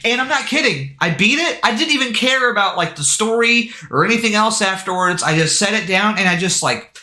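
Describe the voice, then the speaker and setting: A man streaming live, telling a story in an excitable way, full of swearing and filler words. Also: sits high, fairly quick. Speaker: game streamer. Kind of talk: casual livestream storytelling. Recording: echoey room.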